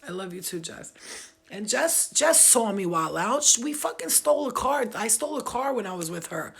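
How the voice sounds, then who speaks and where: A woman's voice: on the high side, animated, fairly quick, gravelly, slightly rough. A woman telling her life story on a live stream in a blunt, emphatic, profane way. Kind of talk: casual unscripted storytelling.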